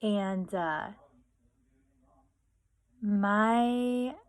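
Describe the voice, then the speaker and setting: A woman's voice: medium pitch, extremely slow. A young woman vlogging, telling family stories in a chatty way full of fillers and acted-out quotes. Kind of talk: casual storytelling.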